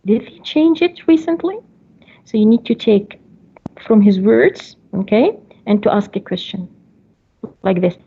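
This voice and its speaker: A woman's voice: medium pitch, expressive, a little slow, creaky, pauses often, slightly rough. A woman teaching an online English class, explaining pronunciation patiently with examples over a video call. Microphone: computer mic on a video call. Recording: dull lo-fi online call audio.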